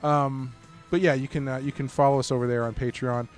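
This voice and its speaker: A man's voice: mid-range voice, little pitch movement, brisk, soft background music. A man co-hosting a casual horror movie podcast, rambling with lots of fillers and restarts. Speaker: podcast co-host.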